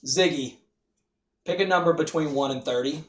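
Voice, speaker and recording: Man, casual podcast co-host, slightly high voice, emphatic opinions, echoey room. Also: normal speed, fairly bright tone. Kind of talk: casual wrestling chat. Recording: echoey room, distant from mic.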